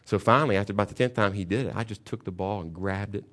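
A middle-aged man, a pastor, preaching a sermon and telling a story, going from calm teaching to loud bursts. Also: lowish voice, fast talker.

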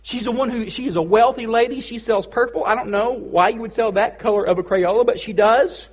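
A male pastor delivering a sermon in a casual, joking way. His voice sits high and has a husky edge. He keeps the teaching light with playful asides. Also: fairly quick. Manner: casual, joking preacher with pop-culture asides.

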